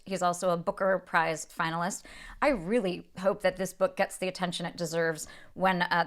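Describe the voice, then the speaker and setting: A woman hosting a book podcast, explaining a novel in a thoughtful, unscripted way and reading passages aloud. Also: on the low side. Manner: thoughtful, explanatory, with frequent restarts and fillers. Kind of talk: casual literary talk with read-aloud passages.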